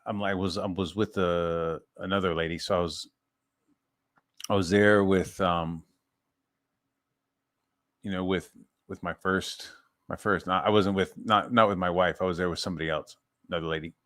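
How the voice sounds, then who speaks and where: A man's voice: low voice, fairly even intonation, normal speed, long pauses, fairly bright tone. A man casually telling a rambling personal story, swearing freely and often restarting his sentences. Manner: rambling, profane, self-interrupting. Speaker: streamer.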